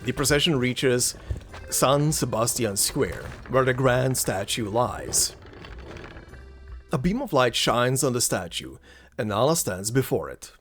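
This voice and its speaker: A man's voice: medium pitch, lively intonation, measured pace, a bit bright, faint music behind. A man hosting a let's play, reading game text aloud and reacting with amusement. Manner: amused, laughs at the game often.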